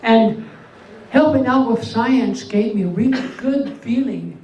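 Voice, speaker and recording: Older man, high voice, slow deadpan jokes. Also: highs cut off. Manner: slow, deadpan one-liners with pauses before punchlines. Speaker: stand-up comedian. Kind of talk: stand-up comedy set. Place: veterans' hall event room. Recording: echoey hall, mic far off, faint hum.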